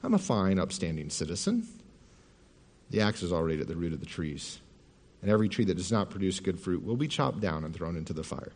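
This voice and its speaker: A man's voice: sits low, big pitch swings, brisk, darkish tone, pitched below the performer's own voice, full character voice. A man preaching as a stern warning prophet. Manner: stern, admonishing. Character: stern prophet denouncing a crowd.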